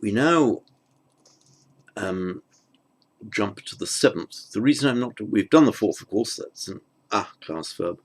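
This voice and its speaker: A man works through a grammar lesson at an unhurried, slow pace. His low voice has a gravelly rasp. He pauses with fillers, restarts phrases and mutters asides to himself. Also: expressive. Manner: halting, thinks aloud with fillers and restarts. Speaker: teacher. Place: at a desk with a tablet.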